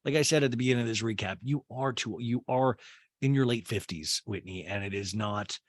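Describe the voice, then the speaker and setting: A man hosting a comedic TV recap, rambling and excitable, full of "like" and asides. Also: mid-range voice, brisk, dry recording. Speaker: recap show host.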